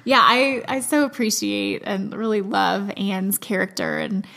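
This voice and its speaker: A woman's voice: medium pitch, very animated, unhurried, gravelly, fairly bright tone. A mother joining a casual conversation, speaking in a reflective way.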